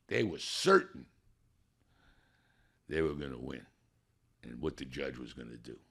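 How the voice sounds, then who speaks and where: A guest tells his testimony, a personal story delivered with drama, building suspense and acting out the people involved. His voice rumbles low with vocal fry, very animated yet measured in pace, pushed and bright, and slightly rough.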